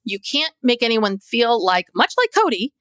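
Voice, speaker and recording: A woman's voice: fairly high pitch, very animated, moderate pace, a bit bright, no room sound. A woman therapist co-hosting a podcast, recapping a show in a chatty storytelling way with fillers. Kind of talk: casual recap chat.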